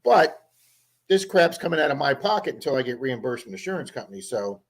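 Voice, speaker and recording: A man's voice: mid-range voice, very animated, fast, poor audio. A man hosting a casual livestream chat, telling long stories and often repeating words as he goes. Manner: chatty storyteller, repeats words. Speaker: livestream host.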